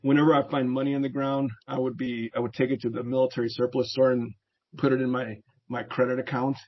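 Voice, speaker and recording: Dull, lo-fi audio captures a medium-pitched, fast-talking middle-aged American, a veteran and therapist, telling stories of his youth as an interview guest. Relaxed and quick to laugh, he performs the voices of the people he quotes in this casual storytelling.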